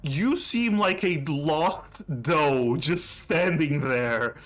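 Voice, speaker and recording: Male game master; unhurried, halting narration with frequent fillers. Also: fairly high pitch.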